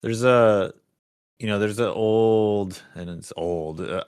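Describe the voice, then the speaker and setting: Low-voiced man telling a gaming story. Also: no room sound, studio quality. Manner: animated storytelling, acts out quoted voices. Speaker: podcast co-host. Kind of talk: casual chat.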